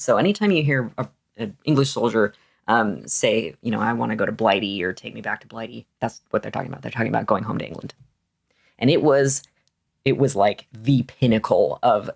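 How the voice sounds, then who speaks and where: Guy doing a casual history explainer, gravelly fry in his voice, lots of ums and restarts. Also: medium pitch. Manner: chatty, thinks aloud with fillers and restarts. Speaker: history channel host.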